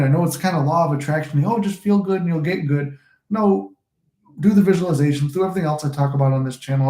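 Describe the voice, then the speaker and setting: Mellow-voiced man, rambling pep talk. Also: on the high side, roomy sound. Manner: rambling, swears casually. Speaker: manifestation coach and YouTuber. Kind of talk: casual motivational talk to camera.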